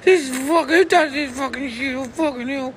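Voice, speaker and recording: A woman's voice: sits high, a little fast, a bit bright. A man voicing an angry young woman who rants and swears over her locked bike. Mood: furious ranting.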